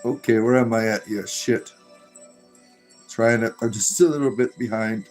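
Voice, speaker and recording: A man's voice: mid-range voice, fairly even intonation, normal speed, darkish tone, faint music behind. A man hosting a casual livestream, reading chat messages aloud in a joking, irreverent way and laughing often.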